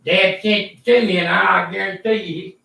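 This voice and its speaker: A man's voice: high-pitched, fairly even intonation, normal speed, vocal fry, sharp tone, reverberant. An older man, ranting angrily and profanely in a rambling vlog monologue from a room in a retirement home. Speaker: vlogger.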